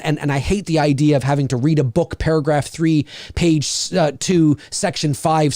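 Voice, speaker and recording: A man hosting a podcast, talking in a casual, animated, rambling way, repeating words and swearing often. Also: a little high, no echo, clean studio sound. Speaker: podcast host. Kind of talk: casual chat.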